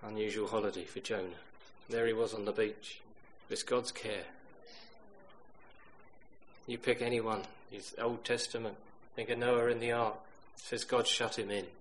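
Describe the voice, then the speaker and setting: A middle-aged man preaching a sermon, telling stories that swing from loud emphatic bursts to hushed quiet lines. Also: lowish voice, little pitch movement, normal speed, a little hiss or hum, rough recording.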